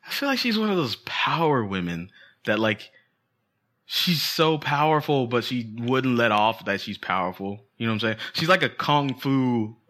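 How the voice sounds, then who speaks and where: A man's voice: mid-range voice, sing-song, normal speed, a bit bright. A man co-hosting a podcast, chatting casually in a playful, jokey way. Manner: playful, jokey, trails off into asides. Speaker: podcast co-host. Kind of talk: joking casual chat.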